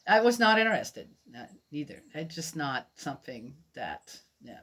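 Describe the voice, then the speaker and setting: A middle-aged woman from Switzerland teaches a Bible lesson through personal stories. Her voice is bright. She talks in a chatty way, laughs often and keeps asking her listeners questions. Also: low-pitched, sing-song, moderate pace. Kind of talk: storytelling sermon.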